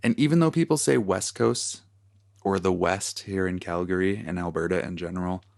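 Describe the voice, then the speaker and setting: A man's voice: sits low, moderate pace, vocal fry, dry recording, studio quality. A man co-hosting a casual podcast, laid-back and jokey, prone to small tangents. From United States. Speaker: podcast co-host. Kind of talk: casual chat. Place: lives in Calgary, Canada.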